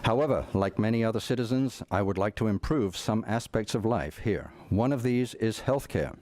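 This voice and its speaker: An older man from England, a retired professor, giving prepared testimony at a hearing in a measured, formal way. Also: fairly low pitch, darkish tone, a little hiss or hum.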